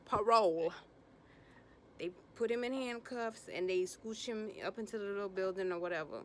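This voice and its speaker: A woman's voice: moderate pace, a little hiss or hum. Sassy woman recapping reality TV. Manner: animated, acts out quotes in bursts of higher pitch; slangy, blunt, sassy commentary. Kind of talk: casual episode recap.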